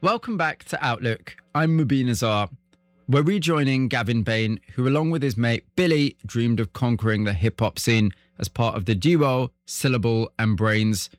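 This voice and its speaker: A man's voice: mid-range voice, expressive, moderate pace, no echo. Male radio host, dry studio sound. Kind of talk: scripted radio introduction and interviewing.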